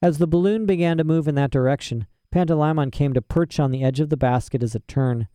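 A man narrating a storybook in a steady, expressive reading. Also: on the high side, fast, no echo, clean studio sound. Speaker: audiobook narrator.

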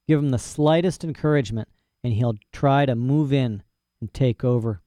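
A man's voice: medium pitch, moderate pace, warm tone, no room sound. A man narrating a story in first person with a folksy, boastful manner and rural dialect grammar. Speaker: audiobook narrator.

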